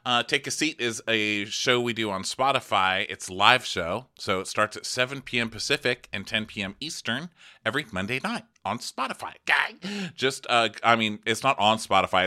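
A man co-hosting a podcast, chatting casually and joking while recapping a reality show. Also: lowish voice. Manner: animated, joking, quick plugs. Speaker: podcast co-host. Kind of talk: casual comedic recap chat.

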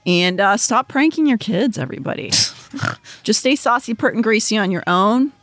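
A woman's voice: medium pitch, big pitch swings, moderate pace, fairly bright tone, no room sound. A young woman hosting a podcast in casual chat, blunt and swearing freely, often laughing. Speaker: podcast host.

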